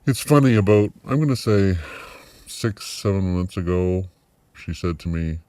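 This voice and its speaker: Very deep-voiced man musing in a dry room. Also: lively intonation, warm tone, dry recording. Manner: reflective, halting with many fillers and restarts. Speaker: video diary host. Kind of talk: personal vlog monologue.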